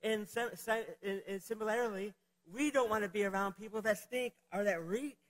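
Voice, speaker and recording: A man's voice: high voice, normal speed, big-room sound, poor audio. A middle-aged man preaching a sermon, opening with a childhood story, in a conversational, rambling way with many fillers. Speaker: pastor.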